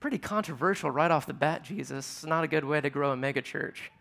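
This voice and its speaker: A man's voice: on the high side, fast talker, creaky, fairly bright tone. A man preaching a sermon to a live audience in a conversational way, asking them questions as he teaches. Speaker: pastor.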